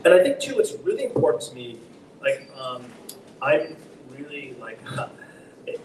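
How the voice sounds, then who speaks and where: A man's voice: medium pitch, sing-song, unhurried. A middle-aged man, an acting teacher and director, explaining his craft in a casual live talk show interview, thoughtful and emphatic when he demonstrates stressed words. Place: underground market stage. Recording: echoey public space, distant mic, faint noise.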